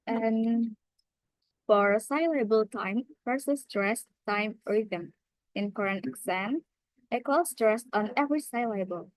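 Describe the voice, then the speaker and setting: A woman student reads word examples for a class presentation at a slow, hesitant pace. Her voice sits fairly high. The sound is dry and close. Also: no room sound, highs cut off.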